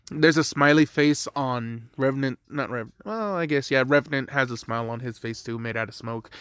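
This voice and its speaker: A man's voice: medium pitch, fairly bright tone, no echo. A man casually narrating a fan-made story, rambling, correcting himself, and swearing freely.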